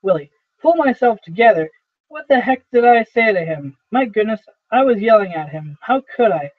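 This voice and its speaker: A worn-out older salesman in his sixties begs and insists, as a man reads him in a fairly high voice. The sound is thin and phone-like, with no room echo at all. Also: lively intonation, moderate pace. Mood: bewildered. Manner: pleading, insistent. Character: aging desperate male traveling salesman. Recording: dry, tinny phone-like sound.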